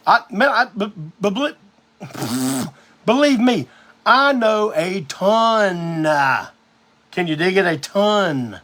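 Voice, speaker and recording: A man's voice: high voice, a bit bright. A man hosting a live music show, telling a rambling, profane story in a casual monologue.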